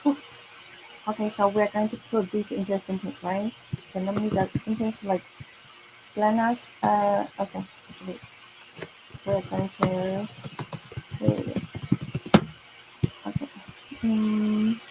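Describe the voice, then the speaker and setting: A woman with a Chinese accent teaching Mandarin to children in a slow, patient online lesson, repeating words and filling gaps with okay and right. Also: medium pitch, flat delivery, noisy background.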